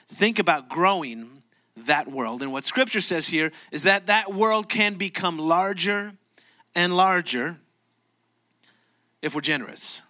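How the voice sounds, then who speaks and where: Male pastor, bright tense tone, mid-high voice, conversational storytelling sermon. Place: church.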